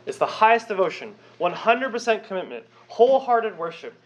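Young male pastor preaching, higher voice with a lively, swooping delivery, conversational and emphatic. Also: brisk. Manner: emphatic, rhetorical questions, conversational asides. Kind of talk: sermon.

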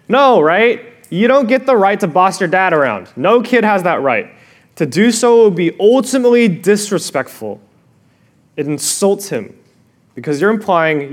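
A male pastor preaching a sermon, expressive, dropping to a hush and rising again, asking the listeners questions directly. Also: sits high, moderate pace. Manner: expressive, swings from loud to hushed.

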